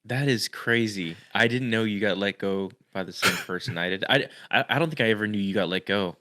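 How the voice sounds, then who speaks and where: A young man hosting a casual podcast, chatty and quick to laugh. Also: on the low side, pushed and bright, dry recording, studio quality. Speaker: podcast host.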